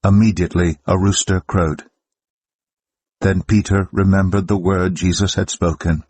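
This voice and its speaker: A man narrating scripture aloud for a church in a steady, measured way. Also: sits low, slightly rough. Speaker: Bible reader. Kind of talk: scripture reading.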